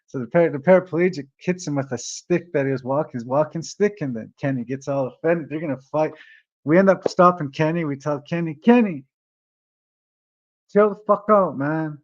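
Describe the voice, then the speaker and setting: Rambling profane man, higher voice, lo-fi. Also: brisk, a little mellow. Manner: rambling, profane, tags lines with "eh". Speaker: vlogger. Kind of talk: casual storytelling. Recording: dull lo-fi sound.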